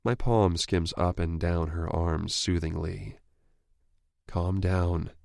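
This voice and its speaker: A man narrating a romance audiobook in the first person with a steady, even reading. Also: sits low, a little slow, vocal fry, no echo, clean studio sound.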